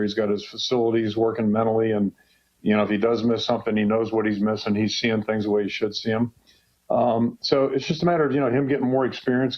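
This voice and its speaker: A man in his sixties, a head football coach from Western Pennsylvania, chatting casually on a radio show with a rambling, folksy manner full of fillers. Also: lowish voice. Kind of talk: casual radio call-in chat. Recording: dull lo-fi radio broadcast sound.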